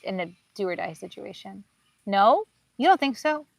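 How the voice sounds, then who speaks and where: A woman's voice: mid-range voice, expressive, moderate pace, vocal fry, no echo. A woman co-hosting a livestream, reading out viewer messages and chatting in a playful, teasing way. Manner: playful, teasing, laughs often. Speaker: livestream co-host reading super chats. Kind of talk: casual livestream chat.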